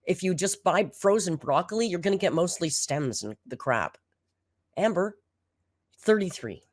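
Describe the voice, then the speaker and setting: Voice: mid-range voice, animated, moderate pace, no room sound, clean studio sound. A commentary host reacting to a food video, sarcastic, exasperated and blunt.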